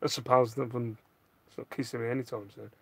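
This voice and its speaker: A man chats casually on a live stream, reading viewer questions aloud and making jokes at his own expense. His voice sits at an ordinary middle pitch. The recording is close and dry, with little room sound. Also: level tone, fast, creaky, a bit bright, slightly rough, no room sound. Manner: jokey, self-mocking, reads out comments. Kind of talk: casual chat. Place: home loft.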